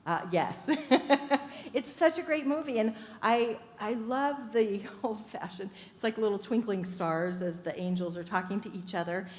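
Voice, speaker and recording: A woman's voice: mid-range voice, a little slow, darkish tone. A woman minister giving an upbeat sermon, telling stories and laughing often. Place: church sanctuary. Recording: echoey hall with faint ambience.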